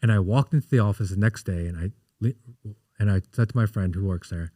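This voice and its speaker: A man in his thirties, a podcast guest, chatting casually and telling animated stories in which he acts out what people said. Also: fairly low pitch, a little fast, no echo, studio quality. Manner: animated storyteller, acts out quotes. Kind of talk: casual interview chat.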